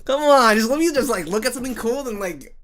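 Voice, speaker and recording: A woman's voice: on the high side, animated, fast. A young woman streaming a game and chatting casually, rambling and swearing freely with frequent laughter, sounding a bit drowsy and out of it. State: drowsy, low energy. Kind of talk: casual live-stream chat.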